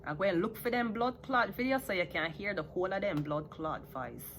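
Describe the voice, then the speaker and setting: A woman's voice: mid-range voice, animated, a little fast, a bit bright, slight background noise. A woman with a Jamaican accent ranting heatedly to her viewers, profane and switching between patois and standard English. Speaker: vlogger. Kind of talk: unscripted rant to viewers.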